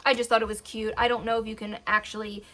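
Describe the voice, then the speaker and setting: Woman, 30s, slightly high voice, casual rambling vlogger who keeps getting sidetracked. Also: flat delivery, fast talker, bright, forceful tone. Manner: chatty, rambling, talks to her dogs mid-sentence. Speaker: beauty vlogger. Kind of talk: casual chat.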